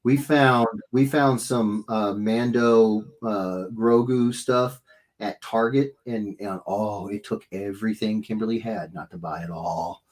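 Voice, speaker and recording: A man hosting a casual live stream, telling stories in a rambling, animated way with many restarts. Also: fairly low pitch, a little slow. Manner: rambling, self-interrupting, animated storytelling. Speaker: livestream host. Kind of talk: casual chat.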